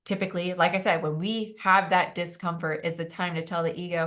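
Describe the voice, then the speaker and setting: A woman's voice: on the low side, level tone, brisk, fairly bright tone. Casual, chatty woman teaching breath work. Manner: casual, chatty, acts out quoted inner voices. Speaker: tarot and Reiki teacher. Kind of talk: teaching a spiritual group class.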